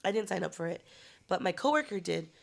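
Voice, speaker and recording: A young woman co-hosting a podcast, telling a story in a lively way, swearing freely and laughing often. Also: on the low side, fast talker, gravelly. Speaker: podcast co-host. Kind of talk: casual chat.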